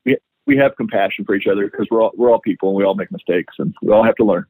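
A man's voice: lowish voice, huge pitch swings, rapid-fire, gravelly, no echo. A man, a farmer guest on a podcast, chatting casually and rambling with lots of filler words. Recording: phone-like narrow sound.

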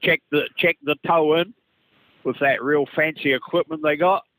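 Male caller, chatty storyteller, mid-pitched, dry sound. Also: normal speed, fairly bright tone, no echo, low-quality recording. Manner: chatty storyteller, repeats words. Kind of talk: call-in conversation.

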